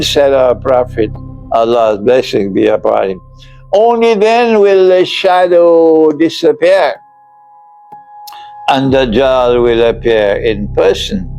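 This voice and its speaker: An older man giving a slow, emphatic religious lecture as an Islamic scholar, often breaking into laughter. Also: mid-range voice, gravelly, a little mellow, low-quality recording.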